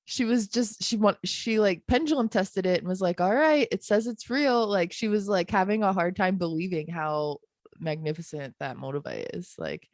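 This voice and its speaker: A woman co-hosting a podcast, chatting casually in long, lively run-on stories. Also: mid-range voice, moderate pace, no echo, clean studio sound. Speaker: podcast co-host. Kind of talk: casual chat.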